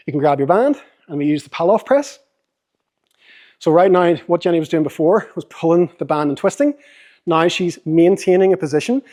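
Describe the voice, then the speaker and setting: A young Northern Irish man running a fitness seminar, cheerful and joking as he talks a volunteer through each exercise. His voice sits a little high for a man. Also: a little mellow. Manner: upbeat, joking, coaching a volunteer. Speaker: fitness coach. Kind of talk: seminar demonstration.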